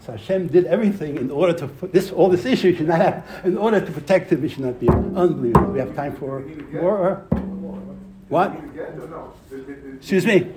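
A man giving a Torah class to a live audience, telling a story with lively emphasis, repeating phrases and using Hebrew terms. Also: on the high side, fairly quick, low-quality recording.

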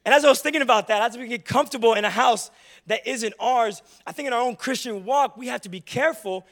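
A young pastor with a very high, slightly bright voice moves quickly through his sermon in church. Funny confessions and personal stories carry his point.

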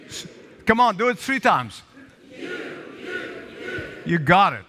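A man's voice: sits high, very animated, takes it slowly, long pauses, pushed and bright, long reverb tail, a little hiss or hum. A male pastor preaching a sermon, calling for responses from the congregation and repeating lines for emphasis. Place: church sanctuary with balcony.

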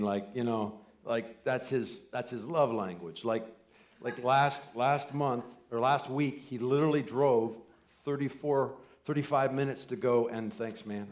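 A man in his forties preaching a sermon, telling family stories with quoted voices and swinging from loud excited bursts to soft, near-whispered lines. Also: medium pitch. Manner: animated storytelling with quoted voices and asides. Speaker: pastor.

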